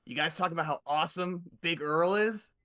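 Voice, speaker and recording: GM does a bright, loud, dopey gator fan in a tabletop game. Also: male voice, on the high side, fairly quick, voice pushed up. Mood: gushing. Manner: upbeat, gushing. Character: cheerful dim-witted male gator.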